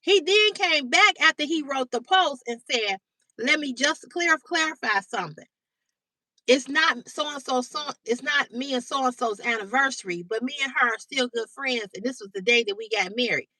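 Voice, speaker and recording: A woman hosting a livestream, telling a story to her chat in a blunt, animated way, swearing freely and greeting viewers by name. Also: sits high, moderate pace, dry recording. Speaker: livestream host. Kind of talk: casual storytelling to live chat. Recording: dry, slightly distant mic.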